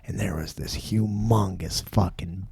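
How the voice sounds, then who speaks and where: A man's voice: low voice, measured pace, gravelly, warm tone, breathy edge, no room sound, clean studio sound. A man from southern Minnesota hosting a podcast, telling rambling, profane stories in casual chat and laughing often. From southern Minnesota, USA. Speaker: podcast host.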